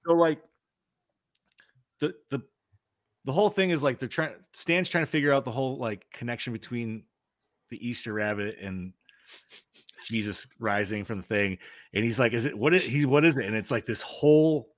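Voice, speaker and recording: A man's voice: mid-range voice, normal speed, pauses often, no room sound, studio quality. A man in a casual podcast chat, telling a story with lots of swearing and "dude", acting out the characters' lines. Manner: animated storyteller, swears a lot, says dude. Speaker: podcast co-host.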